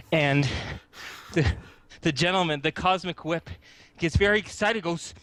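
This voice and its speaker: A man narrating a tabletop game as game master, with deliberate, descriptive storytelling. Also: fairly high pitch, a bit bright, no room sound.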